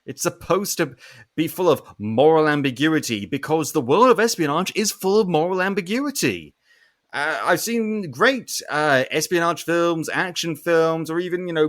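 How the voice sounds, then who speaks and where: A man's voice: on the high side, fairly bright tone. A man hosting a podcast, ranting animatedly through a casual film review and swearing often. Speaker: podcast host.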